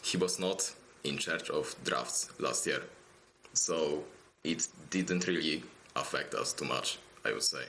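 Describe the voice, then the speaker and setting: Halting low-voiced young esports player. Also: male voice, a little hiss or hum. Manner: halting, repeats words, soft-spoken. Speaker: winning esports player interviewed. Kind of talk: post-match interview.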